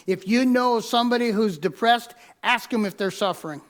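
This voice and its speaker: A man's voice: high voice, moderate pace, few pauses. A man preaching a sermon as pastor, mixing a personal story with teaching, repeating key lines for emphasis and telling listeners to mark their notes. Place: church sanctuary.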